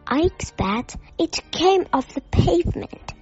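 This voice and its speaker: A woman's voice: very high-pitched, very animated, slow, a little mellow, voice pushed up, exaggerated voice. Paddington, a woman doing a polite little bear. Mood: earnest. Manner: earnest and explaining. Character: polite young male bear, earnest and careful. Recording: dull audio with faint music.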